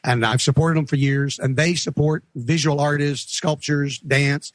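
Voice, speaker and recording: A man's voice: on the high side, fairly even intonation, measured pace, dry recording. A man, a political candidate speaking as a guest on a radio talk show, folksy and rabble-rousing as he tells stories. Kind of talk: animated campaign talk.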